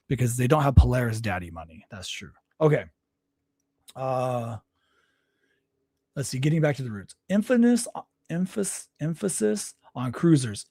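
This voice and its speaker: A man's voice: medium pitch, a little mellow, dry recording, studio quality. A man hosting a casual livestream, reading articles aloud and stopping often to reread and correct himself. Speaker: livestream host.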